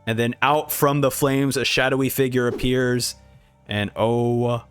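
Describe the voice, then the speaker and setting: A man's voice: medium pitch, a little slow, smooth, soft background music. A man hosting a casual manga reaction, narrating panels and acting out the dialogue. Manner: animated, acts out dialogue. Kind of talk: casual commentary.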